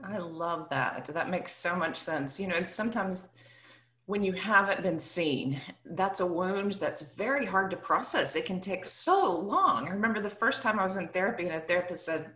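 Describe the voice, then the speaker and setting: A woman hosting an interview, her voice bright and a little low, recorded in a noticeably echoey room. She responds in an affirming, reflective way. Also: animated, moderate pace. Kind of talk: casual interview talk.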